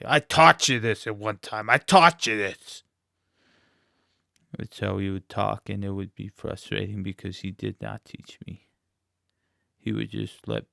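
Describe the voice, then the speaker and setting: A man from Indianapolis, a playwright being interviewed, who tells absurd stories in a deadpan, matter-of-fact way. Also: lowish voice, vocal fry, no room sound, clean studio sound. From Indianapolis, USA. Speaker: playwright guest.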